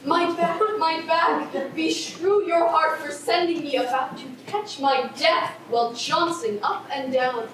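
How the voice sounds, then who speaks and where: A young actress playing a fussy, weary old nurse on stage, teasing and complaining. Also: female voice, high voice, fairly even intonation, measured pace, few pauses, fairly bright tone, slight background noise. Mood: grumbling. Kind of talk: stage play performance. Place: theater stage. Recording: echoey hall from far off, faint ambience.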